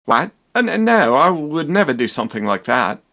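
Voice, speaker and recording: A man voicing a cheeky, bug-eyed hunchbacked servant in a low, gruff wisecracking voice. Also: very animated, normal speed, pushed and bright, heavily acted.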